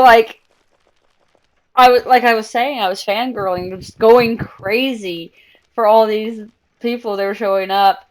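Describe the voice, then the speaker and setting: A young woman streaming live, chatting excitedly and telling stories while she plays a game. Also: medium pitch. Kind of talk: casual gaming stream chat.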